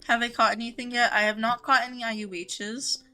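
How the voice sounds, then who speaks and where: Her voice is a little high, smooth, bright and forceful, level in tone and fairly quick, as this woman game streamer chats with viewers. Reading their messages, she's talkative, quick to laugh, and constantly saying "like" and "um."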